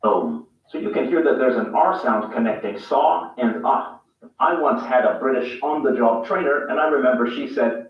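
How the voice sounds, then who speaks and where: A man's voice: medium pitch, normal speed, very echoey. A man gives a scripted, precise explanation of English pronunciation. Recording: video clip played in a room, distant and dull.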